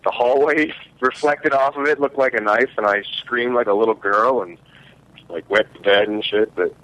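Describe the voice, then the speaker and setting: A man in casual chat, telling a childhood scare in a halting, filler-heavy way. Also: mid-range voice, a bit bright, lo-fi sound.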